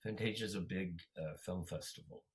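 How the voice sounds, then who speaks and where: A man with a very low voice hosts a casual chat. He speaks haltingly and fills his pauses with uhs. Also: slight background noise, rough recording. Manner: halting, with many fillers. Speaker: host.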